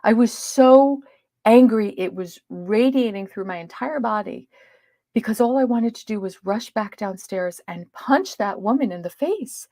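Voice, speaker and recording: A woman speaking as a podcast guest, telling a personal story in an earnest way, swinging between loud emphasis and hushed asides. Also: fairly high pitch, lively intonation, measured pace, no echo, clean studio sound.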